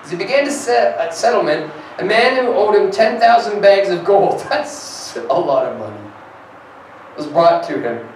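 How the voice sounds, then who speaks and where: A man preaches in an earnest sermon, his fairly high voice climbing to emphatic peaks as he reads scripture. He sounds set back from the microphone in a big echoey church hall, with a faint hiss under him. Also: animated, normal speed, recorded from a distance. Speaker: pastor. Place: church sanctuary.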